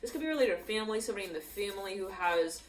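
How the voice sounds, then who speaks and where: A tarot reader races through a rambling channeled reading, her medium-pitched voice expressive as she acts out quoted voices. The mic sits at a distance in an echoey room, with slight hiss or hum.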